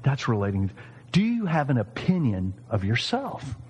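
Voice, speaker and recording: Lively fifty-something man preaching. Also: mid-range voice, moderate pace, in a large hall, lo-fi sound, slight background noise. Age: 50s. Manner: animated, jokey, acts out quoted voices. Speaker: pastor. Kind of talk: sermon.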